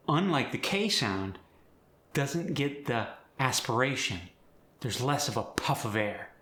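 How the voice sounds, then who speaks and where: Slow-talking man teaching accents. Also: mid-range voice, sing-song, bright, forceful tone, echoey room. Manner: demonstrates sounds by contrasting words. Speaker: accent coach. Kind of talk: accent tutorial.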